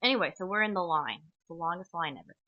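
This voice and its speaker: Casting: low-pitched woman, chatty and tangential solo podcaster, phone-quality sound. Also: lively intonation, fast, pushed and bright, no echo. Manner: tangential, chatty, frequent "okay?" and fillers. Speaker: podcast host. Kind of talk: rambling solo podcast monologue. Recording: tinny, phone-like dry audio.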